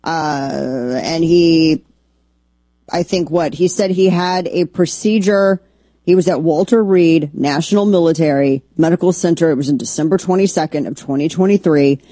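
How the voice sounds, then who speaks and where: A woman's voice: sits low, normal speed, dark tone, no echo. A middle-aged woman hosting a political talk radio show, combative and sarcastic in her monologue.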